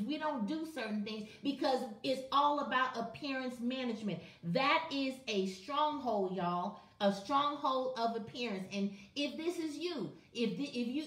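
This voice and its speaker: A woman's voice: sits high, fairly bright tone, echoey room, far from the mic. A woman preaching to her viewers on a morning live stream, impassioned and conversational, calling on people by name. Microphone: webcam or phone on a live video.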